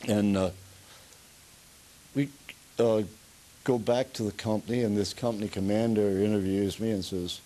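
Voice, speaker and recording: A man's voice: on the low side, steady tone, moderate pace, long pauses, mellow, poor audio. An older man in an oral history interview, a rambling storyteller who chuckles as he goes, with a Pennsylvania Dutch accent. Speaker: veteran being interviewed.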